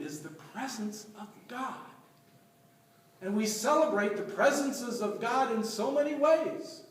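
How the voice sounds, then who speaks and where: A man with a high voice gives a storytelling homily as a deacon. He is recorded from a distance in a church, and his voice carries a heavy echo. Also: lively intonation, takes it slowly. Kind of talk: sermon. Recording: echoey church from far off.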